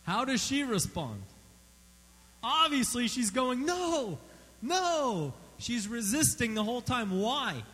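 Animated male preacher in an echoey hall. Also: very high-pitched, measured pace. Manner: animated, emphatic, asks the audience questions. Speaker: pastor. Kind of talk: sermon.

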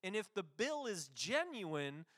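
Guy preaching with a pretty high voice, chatty, lots of restarts and asides. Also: sing-song, a bit bright. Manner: conversational, with restarts and quick asides. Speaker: pastor. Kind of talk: sermon.

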